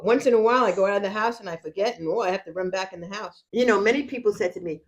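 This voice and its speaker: A woman's voice: medium pitch, racing, few pauses. An older woman, a grandmother, chatting at home and telling boastful, funny stories with lots of laughter. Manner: lively, boastful storyteller who laughs often. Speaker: podcast guest grandmother. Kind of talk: casual chat.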